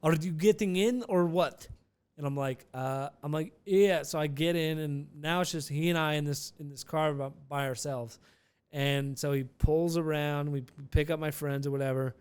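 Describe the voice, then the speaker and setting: A young man hosting a podcast, telling a rambling, animated story with restarts and swearing. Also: on the high side, normal speed, smooth. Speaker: podcast host. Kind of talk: casual storytelling.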